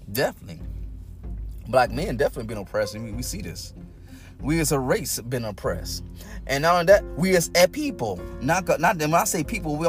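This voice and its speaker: A man preaching a sermon, folksy and repetitive, swinging from loud exhortation to low, close talk. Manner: folksy, repeats phrases, speaks in tongues.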